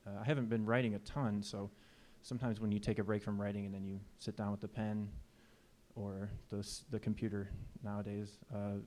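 Male jazz player, stage banter, low flat voice, easygoing and rambling. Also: brisk. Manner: relaxed, rambling with fillers. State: slightly out of breath. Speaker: jazz musician. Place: music venue stage.

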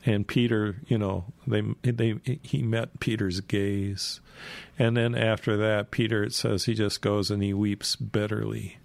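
A man's voice: on the low side, little pitch movement, measured pace, gravelly, dry recording. A man casually retelling Bible stories in a rambling way, full of fillers and asides.

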